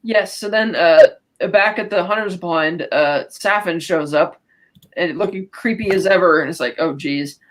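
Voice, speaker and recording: This woman co-hosts a podcast and speaks at a normal speed in a fairly low-pitched voice. She retells a film's plot casually, with lots of fillers and restarts.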